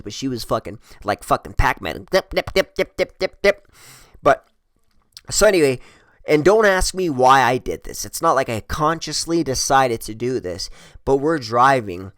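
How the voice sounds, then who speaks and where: A man's voice: medium pitch, fairly bright tone, clear, resonant tone, dry recording, clean studio sound. A man telling a wild personal story in casual, rambling style, swearing constantly and chuckling at himself.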